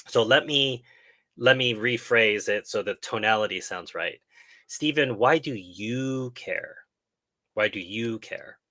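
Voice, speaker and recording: A middle-aged man talks casually on a live stream, working through viewer questions. His voice is bright and forward, a little lower than most men's. He takes his time, pausing and restarting as he gathers his thoughts. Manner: thoughtful, pauses and restarts while explaining. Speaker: channel host answering viewer questions.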